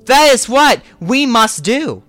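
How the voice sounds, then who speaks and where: A pastor preaching a sermon in repeated, declaring lines that rise to shouts. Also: mid-range voice, sing-song, slow pace, dry recording, faint music behind.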